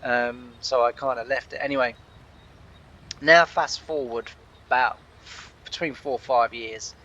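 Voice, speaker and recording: Male host, casual anecdote-teller, quick to laugh, plays the people he quotes; middle pitch, slightly muffled and lo-fi. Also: steady tone, pushed and bright. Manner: chatty, laughs often, acts out quoted people. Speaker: gaming channel host. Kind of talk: casual storytelling over gameplay.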